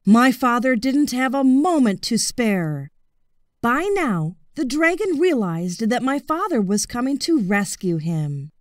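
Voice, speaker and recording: A woman reads a children's storybook in a high, lively voice, slow and deliberate. The sound is dry and close to the mic, with no room around it. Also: no echo. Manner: expressive, deliberate read-aloud. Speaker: audiobook reader.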